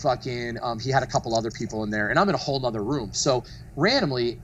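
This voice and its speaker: A man's voice: mid-range voice, quick pace, highs cut off, slight background noise. Guy rambling through stories on a podcast, lots of ums and likes, swears a ton, medium voice. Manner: rambling and animated, heavy on fillers and swearing. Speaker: guest, mask artist and studio founder. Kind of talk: casual storytelling chat.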